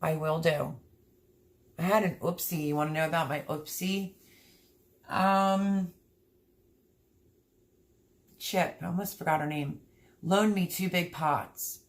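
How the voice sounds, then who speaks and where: A middle-aged woman hosting a homestead livestream, reading viewer comments aloud in a chatty, heartfelt way from her home. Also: deep voice. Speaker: homesteading channel host reading live chat. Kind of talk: casual livestream chat. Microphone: streaming setup.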